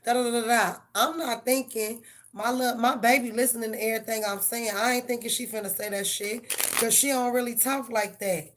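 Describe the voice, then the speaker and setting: A woman's voice: fairly high pitch, fairly even intonation, a little fast, a bit bright, slight background noise. A middle-aged woman, giving tarot readings on a live stream and talking blunt and profane to her viewers. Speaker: tarot reader.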